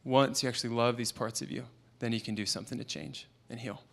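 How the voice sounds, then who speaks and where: A man's voice: medium pitch, steady tone, fast, gravelly, background noise. An earnest man in his thirties shares stories from his work and his family in a motivational conference talk. He speaks as a parenting expert. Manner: earnest storytelling, quoting a client and his child. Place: conference event.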